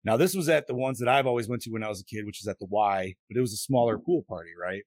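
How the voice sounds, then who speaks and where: Profane, animated man in his late 30s. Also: lowish voice, quick pace, no echo. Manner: profane, animated storytelling with acted-out quotes. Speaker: podcast host. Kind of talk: casual chat.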